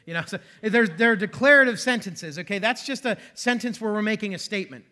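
A man preaching in a church, his voice high and bright. He teaches in a conversational way, slipping in self-deprecating jokes and asides to the congregation. The delivery stays friendly and informal. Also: fast talker. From western Pennsylvania. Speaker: pastor. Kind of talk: sermon. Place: church sanctuary.

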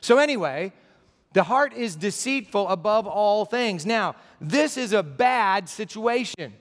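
Male pastor, middle-aged, high voice, conversational sermon with humor, church reverb. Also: expressive, measured pace. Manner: conversational preaching with jokes and asides. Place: church sanctuary.

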